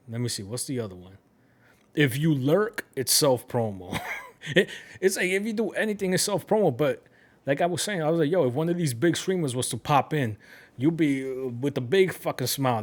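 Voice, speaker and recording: Profane New York streamer, mid pitch. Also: male voice. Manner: profane, talks straight to his chat and drops in Spanish. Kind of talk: casual live-stream chat.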